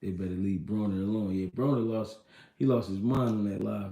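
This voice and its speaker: Gravelly man chatting on a livestream. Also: fairly low pitch, steady tone, brisk, mellow. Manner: loose, slangy, reads and answers viewer comments. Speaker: livestream host. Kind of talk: casual livestream chat about boxing. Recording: echoey room.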